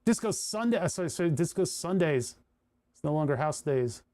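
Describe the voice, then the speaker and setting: The livestreamer from New Jersey has a mellow, slightly high voice that's expressive and a little fast. He builds electronics on stream, chatting loosely, rambling, and chuckling as he thinks through things aloud.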